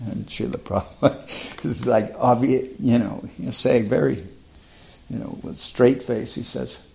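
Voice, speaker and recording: A man's voice: mid-range voice, steady tone, unhurried, gravelly, a little mellow. An older man casually recalling memories, rambling and laughing as he mimics others. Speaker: devotee recalling his teacher. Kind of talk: casual reminiscence.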